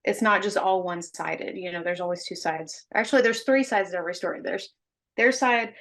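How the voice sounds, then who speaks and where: A woman's voice: on the low side, fairly quick, fairly bright tone. A woman co-hosting a casual podcast, giving her opinions earnestly with many "like" fillers. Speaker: podcast co-host.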